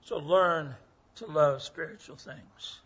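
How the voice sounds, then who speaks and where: Earnest elderly preacher, husky. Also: male voice, fairly high pitch, takes it slowly, fairly bright tone. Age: 80s. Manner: folksy, earnest, acts out quoted voices. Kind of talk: sermon with storytelling. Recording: muffled lo-fi recording.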